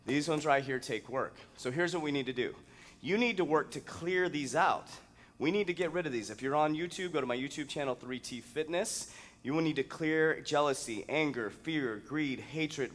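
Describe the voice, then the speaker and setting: A fitness coach gives a motivational talk. He is a man with a fairly high voice, and he sounds emphatic and full of energy. He stretches words out playfully and sometimes bursts out loudly. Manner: energetic and emphatic, with sudden loud outbursts; drawn-out, playful stresses on single words.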